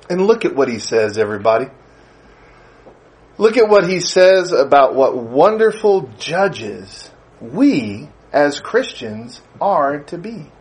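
A male pastor preaching a sermon, asking his listeners question after question and laughing as he tells stories. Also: on the high side. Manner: animated, rhetorical questions, laughs while telling stories.

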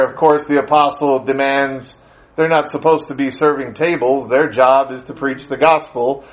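In a muffled recording, a man with a fairly high voice preaches a sermon built around storytelling. He relates a long anecdote conversationally, using fillers and chuckling now and then.

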